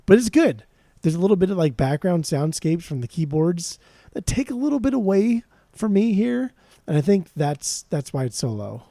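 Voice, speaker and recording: A man's voice: high voice, sing-song, moderate pace, vocal fry, warm tone, no echo, studio quality. A young man co-hosting a podcast, chatting casually and enthusiastically about an album, with lots of swearing and slang. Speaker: podcast co-host. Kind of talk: casual music review chat.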